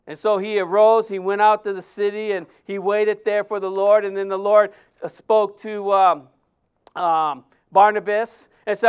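A man's voice: sits high, steady tone, a little slow, clear, resonant tone. A man preaching a sermon as a pastor, conversational and emphatic, often acting out quotes.

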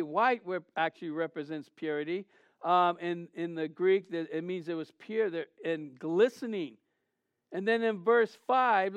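A man preaching a sermon in a conversational, animated storytelling way, with frequent restarts and repeated phrases. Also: sits high, gravelly, smooth, no room sound, highs cut off. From Southern California. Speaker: pastor.

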